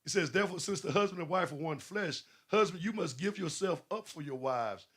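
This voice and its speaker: A man's voice: fairly high pitch, animated, brisk, a bit bright, breathy edge. A man preaching a sermon, questioning his listeners and building emphasis. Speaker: pastor.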